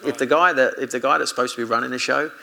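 Crowd noise surrounds a low-quality recording of a former British motorcycle racer telling stories very fast in a gravelly, mid-range voice with a steady tone. He is chatty in this casual interview, laughing and quoting his own exchanges.

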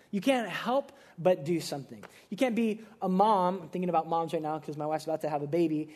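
A young man preaching a casual sermon, animated and conversational, acting out playful quotes. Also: high-pitched. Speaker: pastor.

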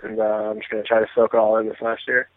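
A man's voice: lowish voice, level tone, very fast, no room sound. A college senior hockey player in his twenties, answering in a laid-back, hesitant way. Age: 20s. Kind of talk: casual interview chat. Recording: dull lo-fi audio.

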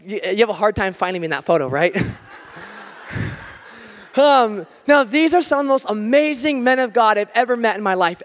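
An American man preaching a sermon, telling stories with animated, self-deprecating humor. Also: extremely high pitch. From United States. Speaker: pastor. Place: church hall. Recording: long hall reverb.

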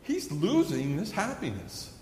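Pastor with a lively, echoing voice. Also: male voice, high-pitched, unhurried, slight background noise. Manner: earnest storytelling, acts out a child's pleading. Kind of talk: sermon. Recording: echoey hall with long reverb.

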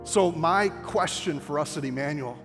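An older man preaching with fervent energy in a high, bright voice that climbs toward near-shouts at the key points. His words ring out with a long hall reverb, and soft music plays faintly underneath. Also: normal speed. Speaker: pastor. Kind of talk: sermon.

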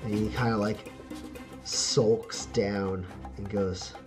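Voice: low voice, level tone, takes it slowly, over music. A game master narrating a tabletop game in rambling, filler-heavy speech, often breaking into laughter.

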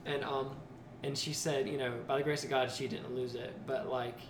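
A man's voice: medium pitch, flat delivery, normal speed. A man hosting a podcast, chatting in a reflective, conversational way. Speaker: podcast host. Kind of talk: casual interview chat. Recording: echoey noisy room.

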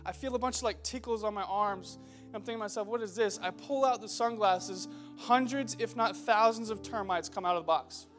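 Young male pastor, high-pitched, jokey sermon style that turns earnest, stage mic in church. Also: brisk, a bit bright, faint music behind. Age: young adult. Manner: joking storyteller who builds into earnest exhortation. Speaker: preacher. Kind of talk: humorous sermon. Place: church auditorium before a congregation.

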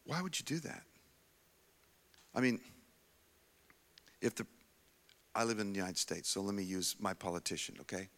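A man preaching a sermon, telling a Bible story in a casual, animated way with frequent restarts. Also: lowish voice, moderate pace, pauses often. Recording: long hall reverb.

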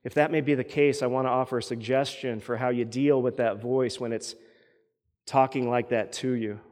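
A man's voice: medium pitch, steady tone, moderate pace, darkish tone. Male pastor giving a sermon, earnest, keeps repeating words, long echo from a big church hall.

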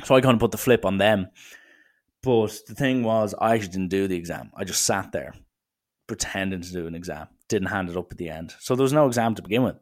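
A man's voice: low voice, fast talker. Irish man telling a rambling story. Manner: rambling, self-mocking. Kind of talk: casual storytelling.

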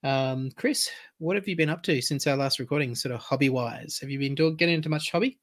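A man hosting a podcast in casual chat, easygoing and quick to chuckle. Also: medium pitch. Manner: easygoing, chuckling, brief replies. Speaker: podcast host.

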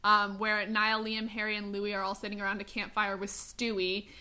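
A woman's voice: mid-range voice, completely flat delivery, normal speed, sharp tone. A young woman hosting a casual fan podcast, chatty and full of fillers. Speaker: host.

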